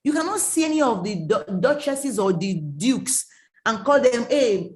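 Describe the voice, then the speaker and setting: A woman's voice: fairly high pitch, big pitch swings, normal speed. A woman, giving an emphatic online coaching talk, scolding and repeating her warnings. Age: late 30s. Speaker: mentoring coach.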